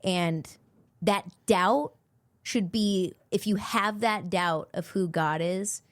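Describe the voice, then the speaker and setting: A woman's voice: medium pitch, no room sound. Thoughtful woman on a podcast. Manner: thoughtful, faith-focused, measured. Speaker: podcast guest, host's wife. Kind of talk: reflective podcast conversation.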